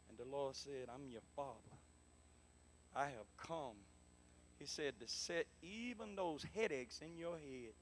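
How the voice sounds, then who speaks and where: A man preaching a prophetic sermon to a congregation in a church, calling for responses and repeating his lines, dropping to soft murmurs and then rising to loud exclamations. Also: medium pitch, a little hiss or hum. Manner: emphatic, repetitive, swings between soft murmurs and loud exclamations. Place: church sanctuary.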